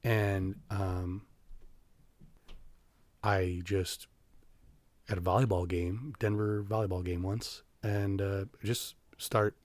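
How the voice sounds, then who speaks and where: A man in his forties, a band teacher from Iowa, talking candidly as a guest in a podcast interview, halting and reflective, with many fillers and restarts. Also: low voice, fairly even intonation, a little mellow, no echo. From Iowa, USA. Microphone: studio podcast microphone.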